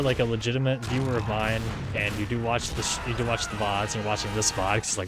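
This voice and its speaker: A young man in a casual solo livestream, talking in a flat, monotone way, rambling, swearing and restarting his sentences. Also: on the low side, quick pace, hardly any pauses, noisy background. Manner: rambling, swears often, repeats words and restarts a lot. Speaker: streamer. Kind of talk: casual solo livestream chatter while gaming.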